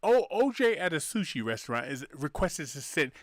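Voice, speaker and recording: A man co-hosting a comedy podcast, telling stories quickly with plenty of profanity. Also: fairly high pitch, dry recording, studio quality. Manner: fast, profane, animated storytelling. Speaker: podcast co-host. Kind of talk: casual comedy chat.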